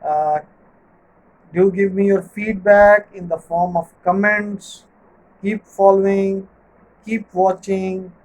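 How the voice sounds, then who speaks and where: A man's voice: high voice, level tone, darkish tone, low-quality recording. A man giving a recorded literature lecture, explaining step by step and restating each point in new words. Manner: measured, repeats and rephrases points. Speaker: literature teacher.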